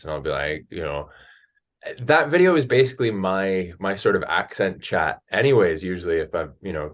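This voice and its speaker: An American man from Alaska, an actor, chatting as a podcast guest and telling animated stories. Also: deep voice. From Alaska, USA. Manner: animated storyteller, jumps into quoted voices. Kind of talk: casual interview chat.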